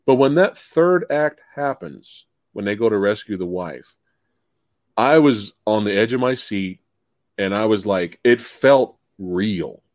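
A man hosting a late-night live chat about movies, talking in an animated, swooping way and acting out his own reactions with plenty of swearing. The sound is dry and close, like a video call. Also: lowish voice, a little slow, no echo. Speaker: live stream host.

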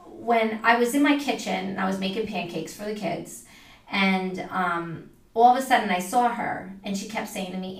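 A woman's voice: medium pitch, a little fast, distant mic. A woman being interviewed as a medium, telling stories in a chatty way with many fillers. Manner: chatty, many fillers, acts out quoted voices. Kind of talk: casual storytelling interview. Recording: roomy, a bit off the mic.

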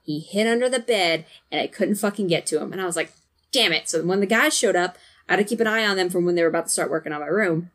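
A woman's voice: on the low side, quick pace, few pauses. A woman telling a rambling, profane story in casual conversation, laughing often. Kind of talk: casual chat.

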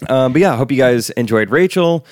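A man's voice: mid-range voice, lively intonation, brisk, dry recording. A young American man hosting a podcast in casual, jokey chat, laughing often. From United States. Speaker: podcast host.

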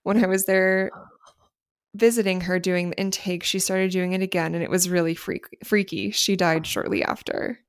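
A young woman with a lowish voice co-hosts a casual podcast, reading listener stories and reacting quickly in relaxed chat. She talks freely, with a swear here and there. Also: smooth. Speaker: podcast co-host.

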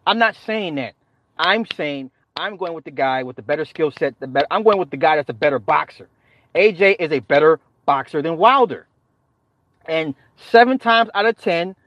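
A man with a fairly high voice riffs loosely with his stream chat, cursing freely, laughing easily and hammering his points with repetition. The sound is dull and lo-fi but very dry and close, with no room echo. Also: expressive, moderate pace. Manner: profane, joking banter with frequent laughter; talks back to chat, repeats phrases for emphasis. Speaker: live streamer. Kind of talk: casual live-stream chat.

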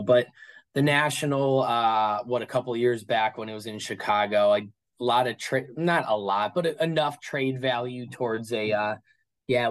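A man's voice: mid-range voice, low-quality recording. Rambling man chatting as a guest. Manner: rambling, full of fillers and restarts. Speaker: guest card collector. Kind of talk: casual interview chat.

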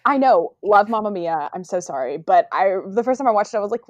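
Woman, podcast co-host, mid pitch, emphatic and giggly, dead-dry sound. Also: animated, brisk, dry recording, highs cut off. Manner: laughs often, emphatic. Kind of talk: casual chat.

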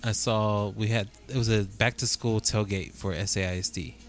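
A middle-aged man co-hosting a podcast in casual chat, relaxed, with frequent affirmations and easy laughter. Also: lowish voice, moderate pace, faint music behind. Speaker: podcast co-host.

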